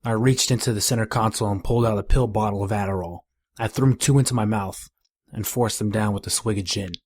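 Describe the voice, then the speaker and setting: A man reading a first-person horror story in a measured, grim storytelling manner. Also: on the low side, no echo, studio quality. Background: faint music.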